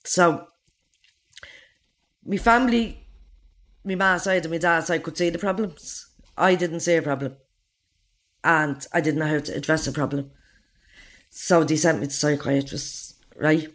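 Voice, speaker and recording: A woman's voice: sits low, fairly even intonation, measured pace, pauses often, fairly bright tone. A woman in her forties with an Irish accent, bluntly telling her own life story in an interview and swearing freely. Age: 40s. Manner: blunt, swears freely, acts out others' lines.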